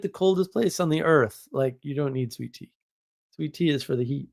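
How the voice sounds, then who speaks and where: A man's voice: a little high, normal speed, gravelly, a little mellow. A man from New England hosting a live stream, chatting casually, rambling and joking with exaggeration as he answers viewers. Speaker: live stream host reading chat.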